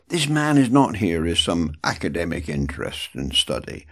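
A man's voice: a little slow, gravelly. A man giving a devotional Bible talk as a preacher, emphatic and repeating words for stress. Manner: emphatic, repeats words, animated swings in pitch.

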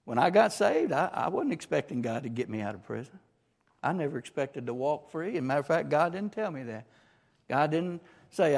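A man's voice: a little high, very animated, brisk, creaky. A man preaching a sermon and sharing his own testimony. He speaks emphatically and keeps checking in with "right?" and "amen?". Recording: long reverb from a large hall.

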